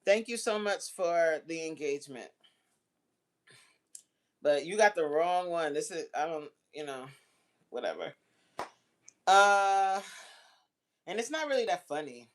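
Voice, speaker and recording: A woman's voice: fairly low pitch, animated, a little slow, long pauses. A woman hosting a casual livestream, reading out chat comments and bantering back in a playful, teasing way.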